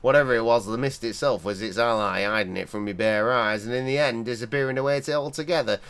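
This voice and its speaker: A man voicing a weathered, superstitious old fisherman, reading game dialogue aloud in a gruff, folksy manner. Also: mid-range voice, quick pace, a bit bright, lightly acted. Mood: grim.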